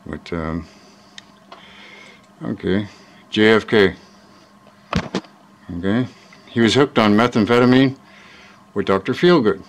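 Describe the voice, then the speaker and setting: A man with a somewhat low voice rants into a handheld phone camera in a rambling, casual vlog. He swears constantly and talks heatedly, tossing in "right?" again and again. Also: slow, long pauses, a little hiss or hum, poor audio. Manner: profane and heated, keeps asking "right?". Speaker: vlogger.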